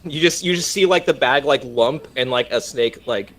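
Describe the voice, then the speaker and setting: A man's voice: medium pitch, normal speed, crowd noise. A man playing a tabletop game, describing things playfully and laughing often. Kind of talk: casual tabletop game play.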